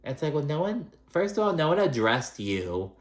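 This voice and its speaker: A man's voice: on the high side, big pitch swings, moderate pace. Sassy, profane man gossiping. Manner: chatty, profane, sassy, lots of fillers. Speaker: recap vlogger. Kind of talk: casual gossipy recap.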